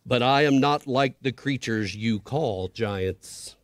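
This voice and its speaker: A man doing a huge, deep, calm unseen creature. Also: no room sound, studio quality, lightly acted. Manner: slow, deep, measured.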